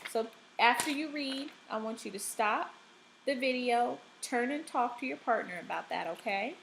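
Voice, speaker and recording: A woman teacher giving a recorded reading lesson, speaking deliberately and checking in often with the class. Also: on the high side, vocal fry, fairly bright tone, slight background noise, low-quality recording. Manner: slow, deliberate, checks in with frequent "okay?".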